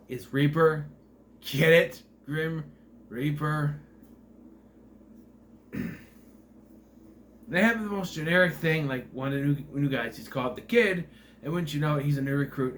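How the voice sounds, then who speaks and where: A man's voice: mid-range voice, a bit bright, a little hiss or hum. A man talking through a movie review in a casual vlog, rambling, sarcastic and exasperated.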